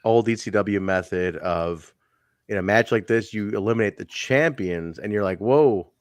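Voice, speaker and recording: A man's voice: on the low side, moderate pace, smooth, no room sound. A man co-hosting a podcast, chatting casually and animatedly, joking and swearing now and then. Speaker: podcast co-host. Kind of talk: casual chat reviewing wrestling shows.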